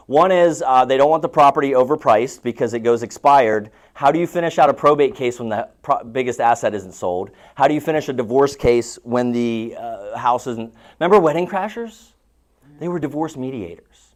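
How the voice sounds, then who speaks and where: A man coaching real estate agents at a live seminar, telling stories in a chatty way and asking the audience questions. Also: medium pitch. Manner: chatty storytelling, asks the room questions.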